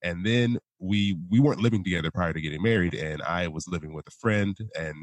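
Guest, man, very deep voice, rapid easygoing storyteller, dry sound. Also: no echo. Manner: easygoing storyteller, light self-mocking humor. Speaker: podcast guest. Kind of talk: casual interview chat. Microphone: remote video call.

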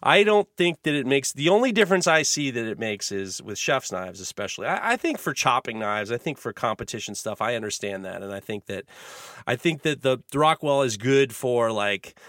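A man's voice: mid-range voice, lively intonation, brisk, fairly bright tone, dry recording, studio quality. A man hosting a podcast, rambling with many restarts while giving blunt opinions. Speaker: podcast host, knife maker. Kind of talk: casual podcast chat.

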